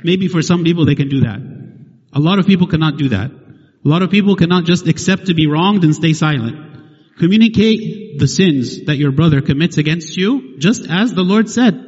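A man with a fairly high, husky voice preaches to his congregation, pressing each point home with rhetorical questions and a steady "right?". His voice rings through a long-reverb hall on a dull, lo-fi recording. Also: moderate pace. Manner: emphatic, asks rhetorical questions and tags "right?". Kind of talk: sermon.

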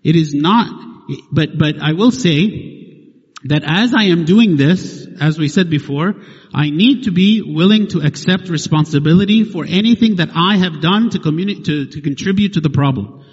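A man with a fairly high, husky voice preaches to his congregation, pressing each point home with rhetorical questions and a steady "right?". His voice rings through a long-reverb hall on a dull, lo-fi recording. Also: normal speed. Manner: emphatic, asks rhetorical questions and tags "right?". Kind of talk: sermon.

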